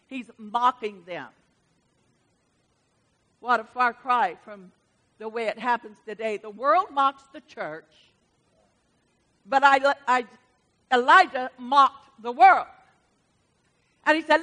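A woman preaching a sermon with animated, emphatic storytelling. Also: high-pitched, measured pace, long pauses.

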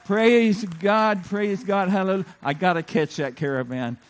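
A man preaching with earnest conviction, his voice sitting a little high. He exhorts the congregation and closes with praise. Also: moderate pace. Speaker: guest preacher. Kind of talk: sermon.

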